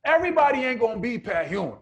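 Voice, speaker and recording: A man co-hosting a podcast, telling stories in a lively, teasing way. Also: very high voice, very fast, muffled recording. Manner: animated storyteller, playful teasing. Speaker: podcast co-host, former player. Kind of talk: casual podcast chat.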